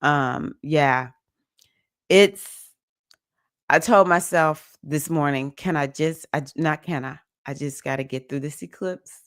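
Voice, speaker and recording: Speaking slowly in a low-pitched voice, a livestream host runs through the week's astrology, greeting viewers by name with chatty emotion. The recording is dry and clean, studio quality.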